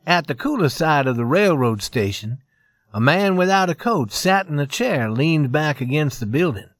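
Male storybook narrator: measured, expressive, fairly high voice, dry close recording. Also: dry recording.

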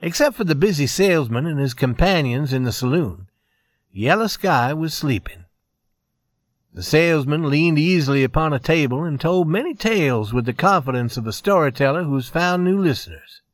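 Male storybook narrator: measured, expressive, fairly high voice, dry close recording. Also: no echo.

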